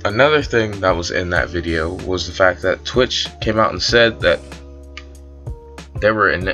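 A man's voice: deep voice, pushed and bright. A man explaining online drama in casual commentary, rambling a little with fillers. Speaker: commentary YouTuber.

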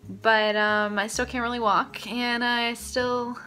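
A woman's voice: fairly high pitch, flat delivery, takes it slowly, bright, forceful tone, soft background music. A young woman vlogging from her apartment, talking casually and rambling with self-mocking humor. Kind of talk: casual vlog chat.

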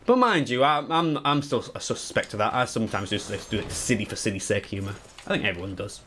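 A young man giving live, excitable, sweary commentary on his gameplay while he talks to chat. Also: on the low side, brisk, a little hiss or hum. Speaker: speedrunner streamer.

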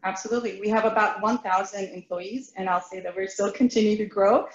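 A woman's voice: mid-range voice, steady tone, brisk, echoey room, lo-fi sound. A woman guest on a podcast, answering fluently and in a businesslike way, often opening with "so". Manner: fluent, businesslike, many "so" openers. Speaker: guest, recruiting lead.

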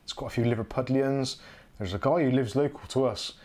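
His mid-range voice is a little mellow and a little fast. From home, this English host with a West Country accent runs a relaxed livestream chat, rambling chattily and fixing his own words as he goes.

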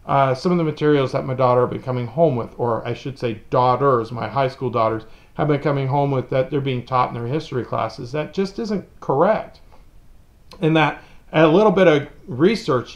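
A middle-aged man from the United States talks straight to the camera in an earnest opinion monologue. His voice sits at an ordinary pitch, and he often repeats words as he builds a point. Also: moderate pace. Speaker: vlogger.

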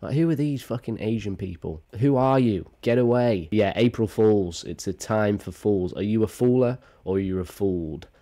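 A man's voice: on the low side, lively intonation, normal speed, hardly any pauses, warm tone. A young man, rambling through sarcastic, sweary reaction commentary. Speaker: vlogger.

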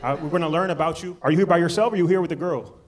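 A man's voice: fairly high pitch, rapid-fire. A man doing crowd-work stand-up, teasing and playfully roasting audience members at a live show. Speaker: comedian. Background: audience laughter and chatter.

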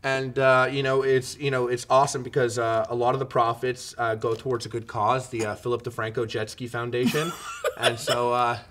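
A man chatting casually as a guest, joking loudly and breaking into shouts. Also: mid-range voice, little pitch movement, moderate pace. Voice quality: loud jokey banter, bursts into shouts. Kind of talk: casual chat.

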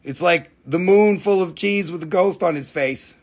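A man with a high voice and Appalachian roots hosts a live online sale at a normal speed. His casual auction chat is playful and goofy, full of jokey wordplay.

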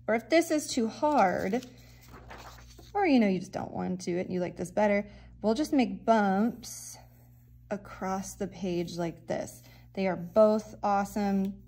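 A woman's voice: medium pitch, dark tone. A woman teaching a children's drawing lesson, giving encouraging step-by-step instructions. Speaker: art teacher.

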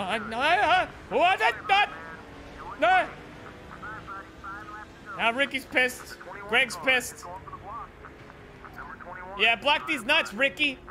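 High, excitable cursing gamer guy. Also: slight background noise. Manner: excitable, profane, yells at rivals. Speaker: streamer. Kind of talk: gameplay commentary.

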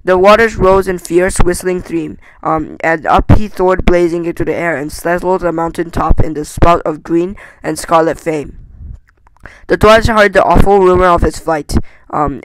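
A man reading a novel aloud in a halting way, stumbling and restarting often. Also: sits high, a little hiss or hum, low-quality recording. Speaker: amateur audiobook reader.

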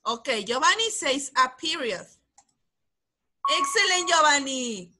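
Bright, high-voiced teacher running a class quiz over a video call, encouraging and brisk. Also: female voice, lively intonation. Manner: encouraging, calls on pupils by name. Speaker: English teacher. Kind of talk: online class quiz game.

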